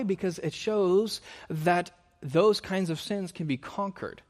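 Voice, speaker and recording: Emphatic male preacher in a reverberant room. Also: fairly high pitch. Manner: earnest, emphatic repetition with self-corrections. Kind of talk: sermon.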